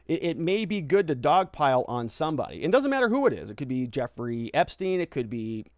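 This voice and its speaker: A man with a slightly higher voice hosts a laid-back legal talk stream, answering viewer chat off the cuff. He keeps tagging his points with "right?" and restarts sentences as he thinks aloud. The sound is dry and close to the mic, with no room echo. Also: sing-song, fairly quick, darkish tone. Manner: conversational, frequent "right?" tags and restarts. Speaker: lawyer and legal commentary host. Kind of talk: casual livestream commentary reading viewer chat.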